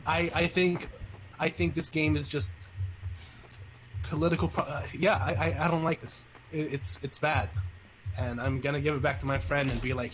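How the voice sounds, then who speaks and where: A man's voice: a little high, steady tone, moderate pace, fairly bright tone, low-quality recording. A man streaming a game, chatting casually with friends, stammering and rambling as he jokes around. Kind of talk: casual chat. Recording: faint background noise.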